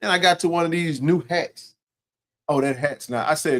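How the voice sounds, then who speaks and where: A man co-hosting a casual sports chat, laughing often and telling animated stories. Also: on the high side, normal speed. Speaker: co-host.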